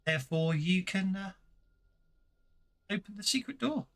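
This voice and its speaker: A game master reading out scene descriptions and rulings with a bright, ringing tone. The pitch moves a great deal, and the talk keeps pausing for self-corrections. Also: lively intonation, creaky. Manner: chatty, stops to correct themself. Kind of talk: narrating a tabletop game.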